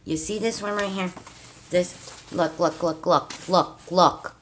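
A woman's voice: lowish voice, slow, slight background noise. A woman chatting casually to her viewers as she plays a scratch-off card, with mild cursing. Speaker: vlogger.

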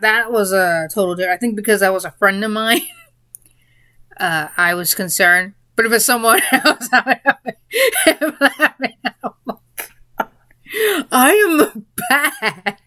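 Talking casually on her own, a woman vlogger meanders through fillers and restarts, giggling partway through sentences. She has a mid-range, bright, forceful voice, recorded with no echo.

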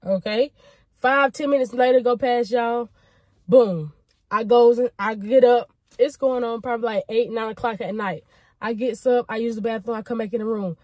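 A young woman vlogging from a car, talking chattily and excitedly to her viewers and saying "y'all" a lot. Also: fairly high pitch, moderate pace, dry recording. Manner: chatty, repeats "y'all" often, excited and grateful. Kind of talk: casual chat to the camera.

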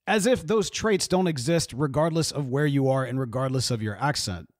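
A man's voice: mid-range voice, moderate pace, dry recording, clean studio sound. A man in his thirties who grew up in the American South, talking through a cartoon episode in an earnest, emotional, rambling way with many asides. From Southern US, grew up in Mississippi. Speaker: video creator reacting to a cartoon episode. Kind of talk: casual reaction monologue.

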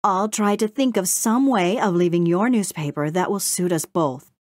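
Brief: woman doing a huffy male crow for a storybook, low-ish voice, dry sound. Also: normal speed, no echo, lightly acted. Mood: grumbling. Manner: cross and indignant. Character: peevish, self-important male crow. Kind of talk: storybook reading.

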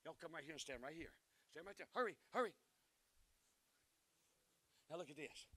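A man preaching a revival sermon in a church, who climbs to shouting and calls for responses from the congregation. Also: on the high side, expressive, normal speed, no room sound. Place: church sanctuary.

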